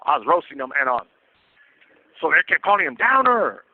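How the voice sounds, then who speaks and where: Fast-talking man on a tinny phone line. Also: a little high, no echo. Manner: streetwise slang, acts out quoted voices. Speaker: guest telling prison stories. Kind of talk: casual storytelling over the phone.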